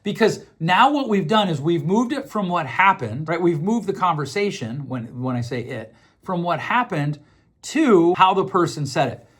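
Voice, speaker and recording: This middle-aged host's voice is high, slightly rough, and a bit bright, very animated at a normal speed. On his podcast he explains ideas casually, often repeating words mid-thought and acting out what others said.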